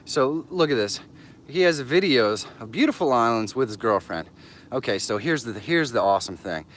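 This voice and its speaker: An upbeat man hosts a live stream while walking outside, a little out of breath. He greets viewers by name with sudden upward jumps in pitch. His voice sits at an average pitch for a man. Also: lively intonation, moderate pace, fairly bright tone, slight background noise. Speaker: livestream host. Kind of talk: casual live stream chat. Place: outdoors, walking.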